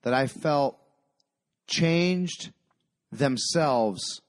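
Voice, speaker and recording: A man's voice: medium pitch, animated, drawn-out words. A man co-hosting a podcast in casual chat, emphatic, repeating himself and swearing freely. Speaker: podcast co-host.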